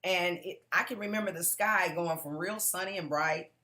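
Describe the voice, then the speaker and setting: A woman tells her personal testimony to a live audience. Her voice sits a little low. She speaks in an earnest, direct way and keeps calling out to her listeners. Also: moderate pace, bright, forceful tone. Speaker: conference speaker giving a testimony.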